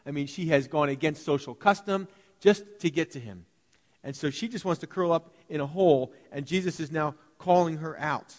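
A male pastor delivers a sermon in an animated, conversational manner. He slips into quick acted-out voices while he tells the story. His voice sits a little high, and it rings with the long reverb of a church hall. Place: church sanctuary.

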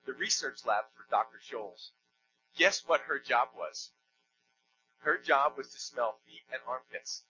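A man's voice: mid-range voice, expressive, a little slow, bright, forceful tone, lo-fi sound, slight background noise. A man preaching a sermon in a church, conversational and emphatic, with joking asides. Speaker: pastor.

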